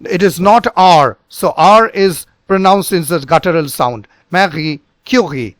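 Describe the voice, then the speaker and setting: A man with a high voice gives a pronunciation lesson, saying each word again and again. He talks with many fillers and restarts. The sound is dry and close. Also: fairly bright tone, no room sound. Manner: repeats words slowly, many fillers and restarts. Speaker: physics teacher and channel host.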